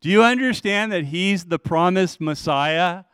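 A middle-aged man preaching a sermon as pastor, swinging between loud, emphatic lines and hushed, slowed ones. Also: high-pitched, clear, resonant tone, no room sound.

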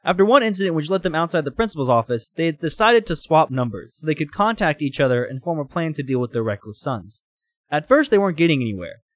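A man's voice: a little high, no room sound, studio quality. A man hosting a comedy show, reading a story aloud with laughs between lines.

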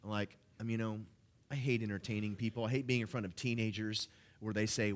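A man preaching a sermon in church, telling personal stories in a loose, halting way with lots of fillers. He gets louder and higher when he is stirred up and drops soft and low when he prays. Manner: conversational, halting with frequent fillers and restarts; rises in pitch and volume when excited, hushed when praying. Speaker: guest preacher. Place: church service.

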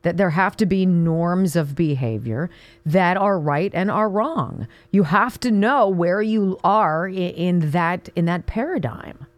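A woman's voice: on the low side, lively intonation, a little slow, no echo, muffled recording. An American woman hosting a talk radio show, delivering an indignant, sarcastic political monologue with emphatic outbursts.

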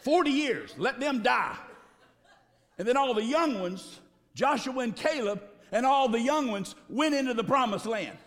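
A man's voice: extremely high pitch, lively intonation, a little slow, a bit bright. A male pastor preaching an emphatic sermon and calling on the congregation to respond. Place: church sanctuary. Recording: long hall reverb.

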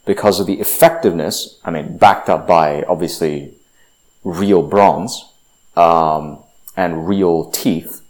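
A man with a very low voice gives a casual lecture. He stumbles through fillers and restarts, then punches out the lines he quotes. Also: slow pace, a little mellow.

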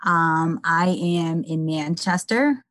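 Middle-aged woman, podcast guest, measured and hesitant, low voice, dry mic. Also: a bit bright, dry recording. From Connecticut, US. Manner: measured, hesitant with frequent ums. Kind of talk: casual interview chat.

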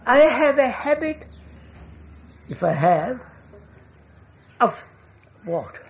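A woman's voice: fairly high pitch, very animated, drawn-out words, slight background noise. A woman giving a reflective public talk, asking questions and often checking whether listeners follow, calling them sir. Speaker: public speaker.

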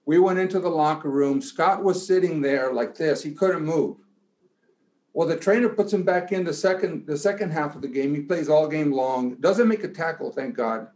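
A man who played college football gives a motivational pep talk that swells toward shouting and then tells a long story. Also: on the high side, moderate pace. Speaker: guest giving a pep talk.

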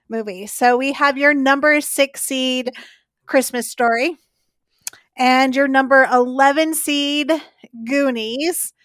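A woman with a high voice hosts a casual podcast, briskly calling on each panelist and keeping count. Her sound is dry and close to the mic. She keeps things moving with an upbeat tone. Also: fairly bright tone, dry recording. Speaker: host running a movie bracket.

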